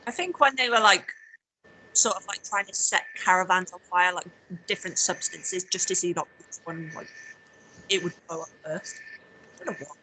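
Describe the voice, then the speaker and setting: A woman chatting casually on a video call, telling lively stories and swearing freely. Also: on the low side, moderate pace, a little hiss or hum, low-quality recording. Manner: animated storytelling, swears freely. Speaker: co-host.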